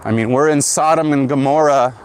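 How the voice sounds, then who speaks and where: A man's voice: medium pitch, brisk, slight background noise. A man hosting his own show, ranting in a monologue and tagging his lines with "right?". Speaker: podcast host.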